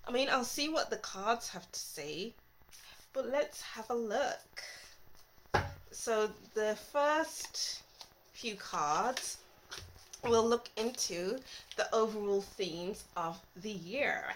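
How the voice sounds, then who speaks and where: Slow-talking, high-voiced woman tarot reader. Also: a little hiss or hum, poor audio. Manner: playful and giggly, breaks into song and laughter; soft, intuitive, reflective delivery. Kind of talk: casual tarot reading monologue.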